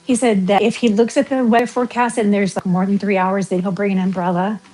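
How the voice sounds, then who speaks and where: Middle-aged woman, West Coast American accent, rambling livestream chatter at an average pitch. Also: flat delivery, fast, dark tone, poor audio. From western United States. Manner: chatty, rambling, reads out viewer comments. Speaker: livestream vlogger. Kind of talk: casual livestream chat while walking.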